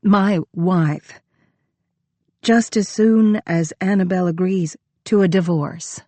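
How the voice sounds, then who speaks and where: A woman reading the part of an earnest married man who speaks in a low, deep drawl and pleads his case. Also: steady tone, slow, dark tone, dry recording. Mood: pleading. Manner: persuasive, pleading.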